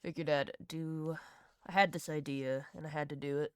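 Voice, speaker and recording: A woman's voice: deep voice, steady tone, moderate pace, clear, resonant tone, no room sound, clean studio sound. A woman with a Southern US accent chatting casually on a live stream while she draws, rambling, laughing and swearing freely. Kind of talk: casual chat while drawing.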